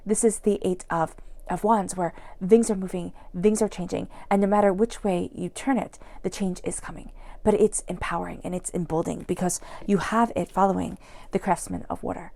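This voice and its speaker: A woman giving an earnest, soft-spoken tarot reading, sometimes dropping into a whisper. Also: fairly low pitch, fairly even intonation, quick pace, vocal fry. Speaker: tarot reader.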